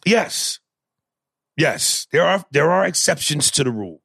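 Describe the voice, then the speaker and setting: A man hosting a casual chat, talking in an animated, emphatic and profane way. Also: fairly high pitch, a little slow, gravelly, husky, dry recording, clean studio sound.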